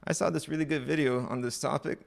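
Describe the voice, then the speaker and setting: A man's voice: on the high side, fairly even intonation, fast talker, gravelly, no room sound. A young man hosting a casual livestream, reading online posts aloud and commenting bluntly with profanity. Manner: blunt, profane, offhand asides.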